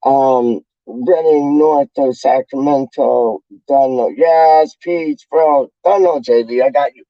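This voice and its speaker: A man's voice: mid-range voice, slow, hardly any pauses, warm tone, no echo, dull audio. A man from the UK hosting a casual livestream, reading out chat in a slangy, rambling, playful way. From United Kingdom.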